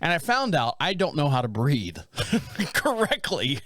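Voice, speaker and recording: A man in his fifties, co-hosting a casual home-studio chat and telling rambling, animated stories with frequent laughs. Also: a little high, measured pace, dry recording. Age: 50s. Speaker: podcast co-host.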